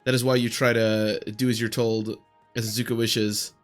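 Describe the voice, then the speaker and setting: A man reading out a calm, perceptive young woman from a video game, in his own plain voice. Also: medium pitch, moderate pace, faint music behind, lightly acted. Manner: plain read-aloud of game text.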